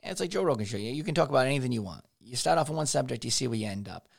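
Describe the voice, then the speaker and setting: Here a male podcast host with a medium-pitched voice and vocal fry races through conspiracy theories at a very fast clip. His delivery is loose, profane, and worked up.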